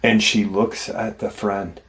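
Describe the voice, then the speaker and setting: A man's voice: fairly low pitch, little pitch movement, takes it slowly, fairly bright tone. A man hosting a paranormal channel, casually retelling an encounter story in a rambling, conversational way. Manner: rambling and conversational, many "like" and "you know".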